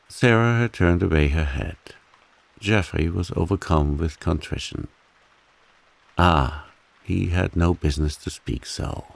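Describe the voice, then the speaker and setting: A man calmly and softly reading a bedtime story aloud, meant to soothe listeners to sleep. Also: low-pitched, unhurried, creaky. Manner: calm, softly spoken. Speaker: audiobook narrator.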